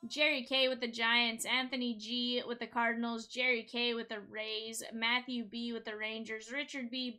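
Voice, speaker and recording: Bright-voiced upbeat woman hosting a card break. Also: a little high. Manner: chatty, upbeat, talks straight to viewers. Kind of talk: live stream card break chat.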